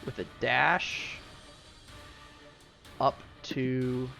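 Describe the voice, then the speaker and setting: A man's voice: medium pitch, level tone, extremely slow, gravelly, pushed and bright. A man narrating a tabletop game as game master, rambling with lots of fillers. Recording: dull lo-fi stream mic with music.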